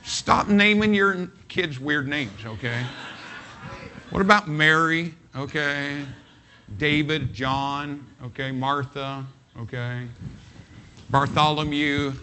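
Man, pastor, sermon, emphatic, folksy, bright cutting tone, faint noise behind. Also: a little high, slow. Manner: emphatic, folksy, repeats phrases.

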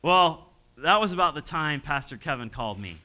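A man's voice: a little high, expressive, moderate pace, sharp tone, low-quality recording. A man, a missionary pastor, telling his story from the pulpit, chuckling often and acting out the voices of people he quotes. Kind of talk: testimony from the pulpit.

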